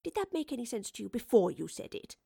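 A woman's voice: a little high, sing-song, vocal fry, dark tone, breathy edge, full character voice. Woman doing a plucky, blunt young woman. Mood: plucky, quizzical. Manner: brisk, down-to-earth, quizzical.

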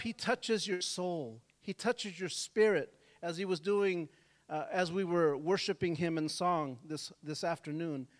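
High-voiced pastor telling a story. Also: male voice. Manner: storytelling preacher, swings from soft to shouting; calls for congregation responses. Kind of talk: sermon. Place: church service.

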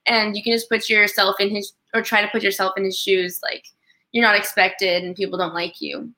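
Chatty young woman with a bright voice. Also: medium pitch, little pitch movement, brisk. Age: young adult. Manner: chatty, uses "like" a lot, laughs easily. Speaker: guest, collegiate golfer. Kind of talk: casual chat.

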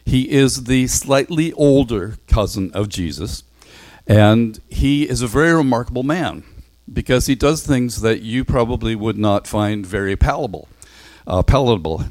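A man teaching a Bible passage in an animated storytelling way, acting out the characters' dialogue and often restarting his words. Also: medium pitch, moderate pace, no echo. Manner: animated, acts out dialogue, self-correcting.

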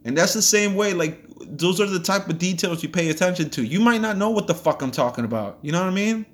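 Man, podcast host, swearing, blunt, heated rant, somewhat high-pitched. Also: expressive, quick pace. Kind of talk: ranting motivational monologue.

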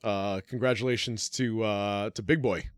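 A man's voice: lowish voice, fairly even intonation, moderate pace, noisy background. A man co-hosting a casual podcast, joking around and laughing often. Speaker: podcast co-host.

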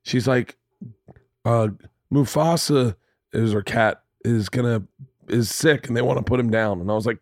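Male podcast host, 30s, animated swearing storyteller, dry close mic. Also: mid-range voice, moderate pace, no echo. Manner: animated, profane storyteller who acts out quotes. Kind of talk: casual conversation, storytelling. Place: home studio room.

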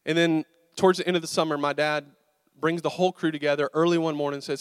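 Male pastor, storytelling sermon, self-mocking, fairly high voice, dry close sound. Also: quick pace, smooth, no room sound. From American South. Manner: animated, self-mocking, talks to the audience. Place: church sanctuary.

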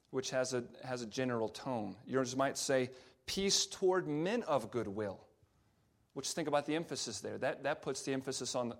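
A man, a pastor, preaching a sermon and explaining scripture with frequent fillers and restarts. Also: medium pitch. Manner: reads scripture aloud slowly.

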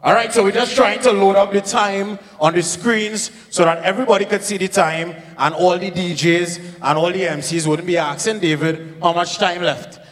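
A man MCing a sound clash event, shouting hype announcements to the crowd. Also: high-pitched, steady tone, normal speed, few pauses. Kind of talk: live event hype talk. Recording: echoey venue with long reverb.

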